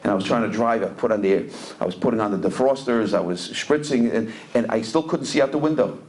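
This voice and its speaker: A man's voice: lowish voice, fairly quick, a little mellow, slight background noise. A middle-aged man, a rabbi, giving a storytelling Torah lecture and mixing Hebrew and Yiddish terms into English. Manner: storytelling, repeats words while searching for a phrase. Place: community center event hall.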